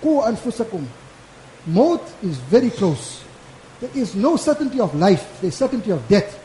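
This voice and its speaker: A man gives a Friday sermon in a very high, lively voice that is mellow in tone. He talks casually and hammers each point by repeating it. The sound is echoey, as in a mosque hall. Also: normal speed, a little hiss or hum. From South Africa. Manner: casual, repetitive and emphatic preaching. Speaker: maulana giving a Friday lecture.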